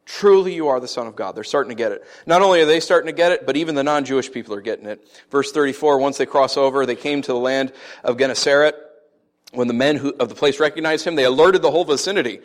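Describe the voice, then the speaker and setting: A man preaching a sermon who tells stories with animated swings, then teaches in an earnest, conversational way. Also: fast talker. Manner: animated storytelling, lively swings in pitch and loudness. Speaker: pastor.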